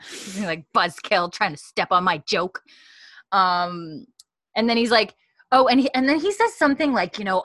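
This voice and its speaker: A woman's voice: on the low side, normal speed, no room sound. A woman in casual chat, recapping a show scene by scene and acting out the characters' lines as she tells them. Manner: lively storyteller, acts out quotes, laughs often. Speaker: podcast co-host recapping a show.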